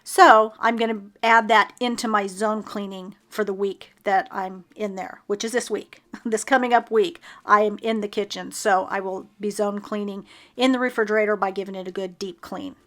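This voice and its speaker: A grandmotherly woman. She rambles in a friendly, unscripted way, full of ums and small laughs at herself. Her voice sits at an ordinary middle pitch. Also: steady tone, normal speed, a bit bright. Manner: chatty, with frequent ums and self-laughing asides. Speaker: home declutter vlogger. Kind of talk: casual how-to voice-over.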